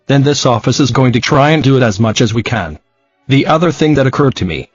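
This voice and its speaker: A man reading a true-crime podcast transcript aloud, speaker names and spelled-out letters included, in a flat, even delivery. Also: mid-range voice, no echo, dull audio.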